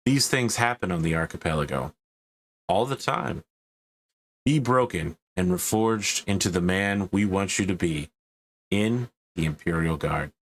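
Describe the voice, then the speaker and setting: A man's voice: low voice, lively intonation, unhurried, full character voice. A man voicing a grim male lieutenant reading a solemn recruitment advert in a tabletop game. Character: grim male recruitment officer, space cat rider.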